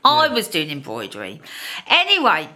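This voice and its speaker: A woman's voice: fairly low pitch, huge pitch swings, moderate pace, pushed and bright. A woman chatting upbeat to camera in a casual vlog. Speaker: vlogger.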